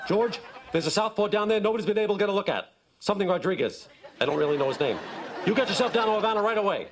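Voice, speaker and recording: A man's voice: high voice, lively intonation, very fast, a faint crowd, slight background noise, voice pushed up. A man voicing a big, blustery older baseball boss who rambles on and drifts off topic in a sitcom. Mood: scheming. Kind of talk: sitcom acting.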